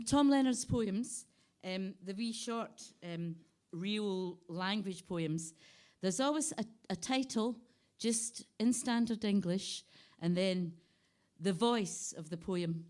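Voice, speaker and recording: Slow, playful woman reading poetry. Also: mid-range voice, darkish tone. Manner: playful, shifts voices and dynamics while reading. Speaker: poet. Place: live venue.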